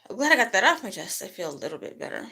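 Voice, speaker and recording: A middle-aged woman talking casually to camera in a vlog, chatty and rambling, and she jumps her voice up high when quoting other people. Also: sing-song, fast talker, gravelly, bright, forceful tone. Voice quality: rambling, chatty, lots of "you know". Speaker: vlogger.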